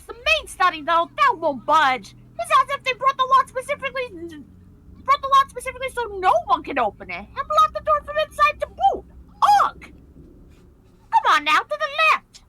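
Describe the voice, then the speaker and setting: A woman acting out a scrappy boy burglar from a game, all brash New York swagger. He grumbles and talks tough, in a lowered but still bright voice that swoops about. A steady hiss of noise sits under it. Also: normal speed, full character voice, poor audio. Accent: put-on New York. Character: scrappy street-kid boy lockpicker.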